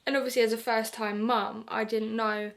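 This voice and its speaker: A woman's voice: a little high, level tone, moderate pace, vocal fry. A young British woman telling a personal story to camera in a candid, chatty way, full of fillers and quoted reactions. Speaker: vlogger.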